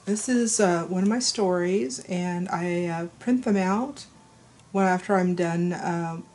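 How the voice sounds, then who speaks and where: A woman author, hoarse from a cold, casually explaining how she revises her writing, with a rambling delivery full of ums and uhs. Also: lowish voice, measured pace, a little mellow. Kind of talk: casual explanatory video talk.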